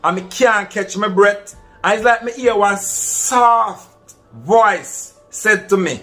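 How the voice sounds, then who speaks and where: High-voiced Jamaican man telling a story. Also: expressive, unhurried, pushed and bright, faint music behind. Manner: earnest, addresses listeners as "my people". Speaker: vlogger. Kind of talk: casual first-person storytelling.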